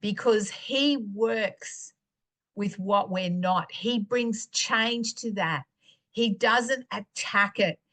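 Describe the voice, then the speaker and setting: A woman's voice: medium pitch, drawn-out words, fairly bright tone. A woman giving a personal teaching talk as a preacher, telling stories and acting out her own dialogue.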